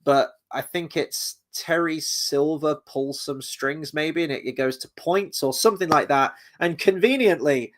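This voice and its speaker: A man's voice: fairly high pitch, a little slow, few pauses, a bit bright. A British man chatting casually on a live stream as a reviewer, rambling with frequent fillers and casual swearing. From Britain. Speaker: film and TV reviewer.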